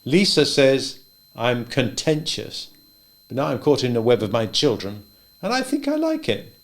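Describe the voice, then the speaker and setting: A man's voice: mid-range voice, big pitch swings, a little slow, voice pushed up. A man voicing a stubborn, wistful old farmer. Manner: gentle, reflective, louder than narration.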